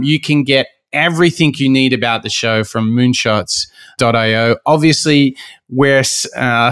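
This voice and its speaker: A male podcast host with a smooth, clean voice, talking in a chatty, playful way. His voice sounds close and dry, with no room around it. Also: mid-range voice, a bit bright, dry recording. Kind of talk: casual podcast sign-off.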